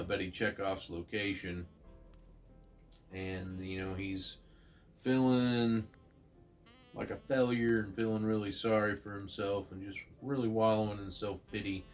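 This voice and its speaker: A man hosting his channel, casually retelling a comic story in a chatty way with many fillers. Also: on the low side. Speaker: comic book channel host.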